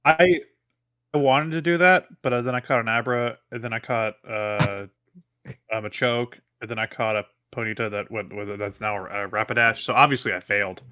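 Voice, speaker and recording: Bright-voiced giggly podcast guy. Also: fairly low pitch, fairly even intonation, moderate pace. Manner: giggly, laughs through his jokes. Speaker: podcast co-host. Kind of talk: casual chat.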